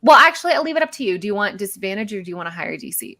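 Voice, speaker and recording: A woman's voice: medium pitch, sing-song, rapid-fire, pushed and bright. Chatty woman running a tabletop game. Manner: chatty, self-correcting, giggly asides. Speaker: game master.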